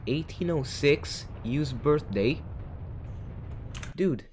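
A man's voice: medium pitch, animated, takes it slowly, long pauses, a little mellow, a little hiss or hum. A young man giving casual commentary over a game, reading in-game text aloud with joking asides. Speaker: gaming channel host.

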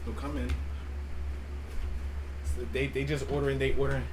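A man's voice: medium pitch, normal speed, long pauses, heavy background noise. A man streaming a casual reaction, rambling and repeating himself as he tells stories and laughs along.

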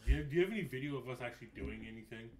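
A man's voice: medium pitch, expressive, racing, a little mellow, soft background music. Playful man at a game table. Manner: playful, laughs through his lines. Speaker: player. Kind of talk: in-character tabletop banter.

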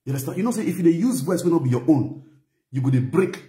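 Nigerian Pidgin commentator with a Benin accent, somewhat high and mellow, preachy, in an echoey room. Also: male voice, expressive, fast talker. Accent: Nigerian Pidgin, Benin (Edo). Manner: preachy, repetitive, keeps asking "you understand?". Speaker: commentator vlogger. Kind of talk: lecturing commentary.

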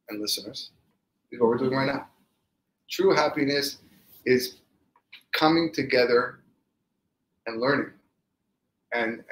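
A man, a rabbi, giving a storytelling Torah class and lively acting out the quoted speech of the people in his stories. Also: mid-range voice, echoey room, poor audio.

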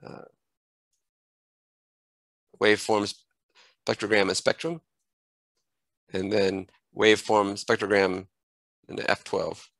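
Halting man giving a software tutorial. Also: lowish voice, little pitch movement, gravelly, no room sound, poor audio. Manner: halting, self-correcting, thinks aloud while clicking. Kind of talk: screen-recorded software tutorial.

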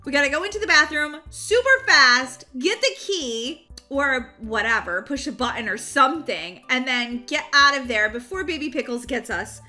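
Bubbly high-voiced woman gamer. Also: expressive, moderate pace, sharp tone, soft background music. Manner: bubbly, squealing sound effects. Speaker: gaming channel host. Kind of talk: excited Roblox gameplay commentary.

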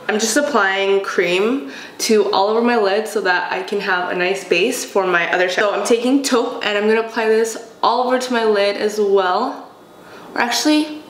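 A woman chatting casually while doing her makeup, gushing and excitable, a bit self-deprecating, and sick today. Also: medium pitch, roomy sound. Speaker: beauty vlogger. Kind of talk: casual get-ready-with-me chat.

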